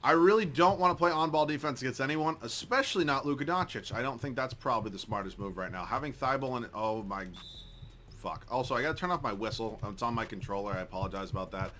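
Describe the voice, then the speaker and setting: A man giving live commentary over a basketball video game, excitable, swearing often and joking about his own skill, swinging from mumbling to yelling at the screen. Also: mid-range voice, quick pace, slight background noise. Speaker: gaming YouTuber.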